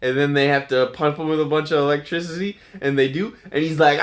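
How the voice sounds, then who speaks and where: This film-recap host is playful and giggly, laughing often and acting out lines in silly voices as he casually goes through the plot. His voice is a little high, steady and fairly bright, moving fairly quickly with few pauses.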